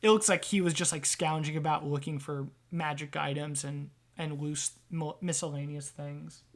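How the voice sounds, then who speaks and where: A woman's voice: deep voice, fairly even intonation, moderate pace. A woman narrating as game master in a tabletop game, speaking casually with lots of filler words. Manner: casual, loose, full of fillers.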